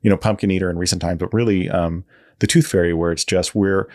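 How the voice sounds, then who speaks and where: A man's voice: sits low, steady tone, quick pace, a little mellow. A man being interviewed as a guest designer, talking in a rambling way and often correcting himself as he tells a story. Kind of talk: casual interview.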